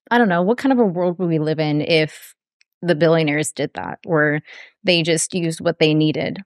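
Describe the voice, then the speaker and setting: A woman reacting to a music video in casual commentary, halting and emotional, with many fillers and apologies. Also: fairly low pitch, darkish tone, dry recording, clean studio sound. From grew up poor.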